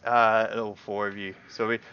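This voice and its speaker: A man with a lowish voice narrates a tabletop game as game master, describing the scene in a loose, rambling way full of "um" and "sort of". The audio is dull and lo-fi, like a home stream. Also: level tone, normal speed, pushed and bright, a little hiss or hum.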